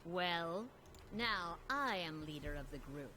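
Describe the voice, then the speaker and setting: A woman's voice: on the low side, animated, slow, pushed and bright, a little hiss or hum, full character voice. An actress voicing a commanding female adventurer in a video game, giving short orders to lead the party. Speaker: game character voice set.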